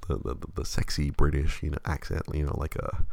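A man's voice: very deep voice, monotone, brisk, vocal fry, a little mellow, no room sound. A man hosting a show, chatting casually and rambling with many stammered restarts. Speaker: podcast host. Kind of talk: casual chat.

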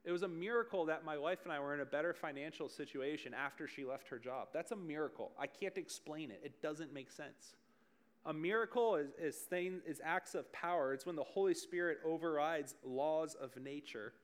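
A man in his thirties preaching a casual sermon to a group, telling stories in a chatty, animated way and often laughing at himself. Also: on the high side, normal speed. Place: church service in front of a group.

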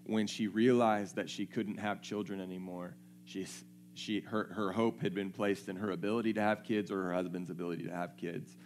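A man's voice: sits low, fairly even intonation, moderate pace, darkish tone, slight background noise. A man preaching a sermon, reading scripture aloud and checking in with his listeners in a conversational way.

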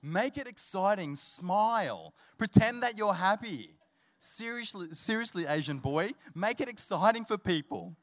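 A man's voice: sits high, expressive, a little slow, a bit bright, no echo, pitched above the performer's own voice. A man voicing an adult wife who coaxes and teases, with little change from his own voice. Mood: coaxing. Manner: coaxing, teasing. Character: coaxing wife, adult woman, teasing.

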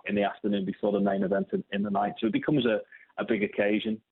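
A man's voice: lowish voice, big pitch swings, fast talker, vocal fry, over a noisy crowd. A man, a phone-in guest on a casual radio interview, rambling and repeating words as he goes. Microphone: telephone. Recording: tinny phone line.

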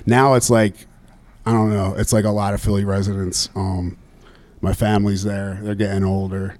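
A middle-aged man with a Philadelphia accent talks in a loose, rambling way, full of fillers and quick laughs. His voice sits on the low side, and the sound is dry and close with no room around it. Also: level tone, darkish tone, no room sound. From Philadelphia area, USA. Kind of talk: casual chat.

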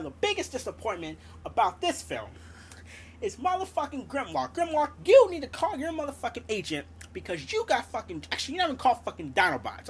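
A woman tears into a blockbuster in a sarcastic, profanity-laden rant, stumbling and restarting as she heats up. Her voice sits somewhat high, with a faint hiss of noise behind it. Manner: heated, sarcastic and heavily profane, with many restarts. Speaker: movie critic ranting on an audio show.

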